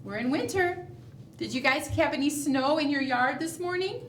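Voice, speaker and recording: A children's librarian leading a preschool storytime, coaxing young children in an animated, encouraging way. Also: female voice, high-pitched, moderate pace. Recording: roomy, from a distance, faint noise.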